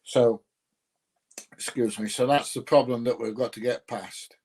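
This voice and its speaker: A man's voice: medium pitch, fairly even intonation, a little slow, a little mellow, breathy edge. A friendly man with a South Yorkshire accent, talking off the cuff on a live stream. He rambles through his points with plenty of ums and uhs and stops to greet viewers by name. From North Nottinghamshire, England. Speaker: YouTuber greeting live chat. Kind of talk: casual live stream chat.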